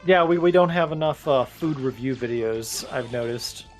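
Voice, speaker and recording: A man's voice: mid-range voice, moderate pace, faint music behind. A man co-hosting a gaming video, chatting drily and explaining things at length. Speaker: co-host. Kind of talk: casual gaming chat.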